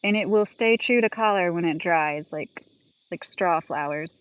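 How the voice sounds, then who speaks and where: A woman chatting casually on a livestream as she walks through her home and garden, rambling with lots of "like" and quick laughs. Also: fairly low pitch, clear, resonant tone, low-quality recording.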